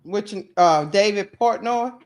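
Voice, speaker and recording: A man co-hosting a sports livestream, dropping brief, calm comments and viewer shout-outs. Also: high-pitched, takes it slowly. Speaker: co-host. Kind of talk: casual livestream chat.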